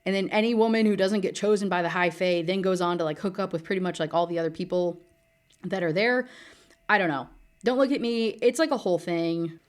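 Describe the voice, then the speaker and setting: A woman's voice: lowish voice, fairly quick. A woman giving a casual, sarcastic book recap, full of fillers. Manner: chatty, filler-heavy, sarcastic. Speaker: book reviewer.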